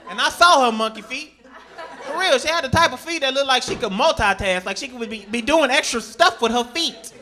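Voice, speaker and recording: A man from Texas doing a stand-up set on a club stage, telling animated stories and acting out the voices. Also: extremely high pitch, a little fast. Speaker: stand-up comedian. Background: audience laughter.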